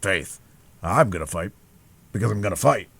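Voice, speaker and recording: Man doing a loud, bluff giant musketeer. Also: low voice, lively intonation, normal speed, gravelly, husky, heavily acted. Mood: blustering. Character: gigantic bluff male musketeer, proud.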